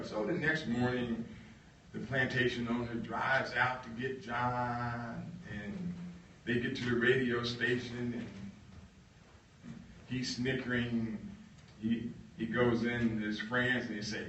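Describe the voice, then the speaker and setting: Man telling a story with halting emphasis. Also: mid-range voice, little pitch movement, a bit bright, highs cut off, a little hiss or hum. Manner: halting, with many fillers and emphatic stresses. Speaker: guest speaker. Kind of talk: storytelling talk. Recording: echoey room, distant mic.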